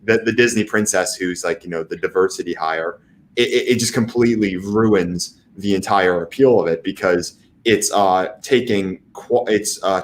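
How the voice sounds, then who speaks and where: A man speaking as a guest in a casual panel discussion, halting with many fillers and restarts. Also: low-pitched, a little hiss or hum.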